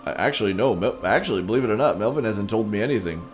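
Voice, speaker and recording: A man's voice: lowish voice, expressive, quick pace, soft background music. A man in a playful, theatrical live-stream chat, talking straight to his viewers in the role of a king. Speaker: streamer playing a king persona.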